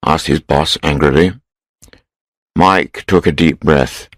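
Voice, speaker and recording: A man reading a story aloud in a steady, measured way for English learners. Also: rumbling low, no echo, rough recording. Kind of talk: scripted storybook narration.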